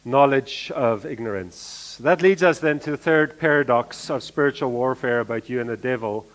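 A man preaching a sermon, repeating key phrases and swinging between emphatic lines and quiet asides. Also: medium pitch, normal speed.

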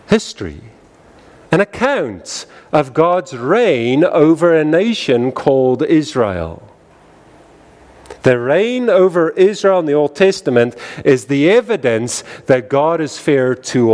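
A man preaching a sermon in an emphatic style, repeating phrases with wide rises and falls in pitch. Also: big pitch swings, slow pace, a little mellow. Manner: emphatic, repetitive cadence with wide swings in pitch.

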